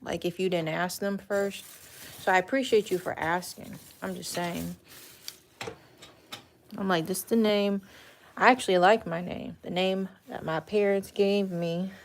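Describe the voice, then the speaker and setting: Woman with a gravelly, frank voice. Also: mid-range voice, steady tone, unhurried, slight background noise. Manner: rambling, frank, swears casually. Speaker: livestream host. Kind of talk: casual livestream chat. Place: dim room in a rental home.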